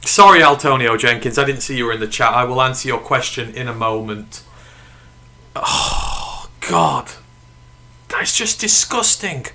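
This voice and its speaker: On his live watch-along stream, a UK host comments on the sport in a forceful, bright voice of middling pitch, speaking a little slowly. Excitable reactions and bursts of outrage at the play give way to reading out chat messages and responding with the same energy.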